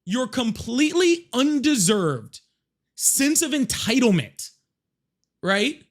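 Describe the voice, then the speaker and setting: A man hosting a live political debate, angry and profane, shouting and repeating himself insistently. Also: extremely high pitch, sing-song, takes it slowly. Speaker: livestream debate host. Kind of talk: heated live political argument.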